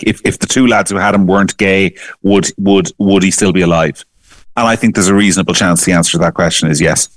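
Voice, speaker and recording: A man's voice: fairly low pitch, no room sound, studio quality. A man, a guest commentator giving emphatic opinions and often repeating words as he starts a sentence. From Ireland. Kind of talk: opinionated political talk.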